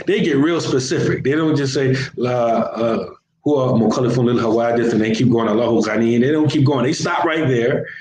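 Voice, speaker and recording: A man's voice: medium pitch, a little mellow. Man teaching a casual religious lesson. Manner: conversational, repeats phrases, everyday slang. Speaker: Islamic teacher. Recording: roomy echo with faint background hiss.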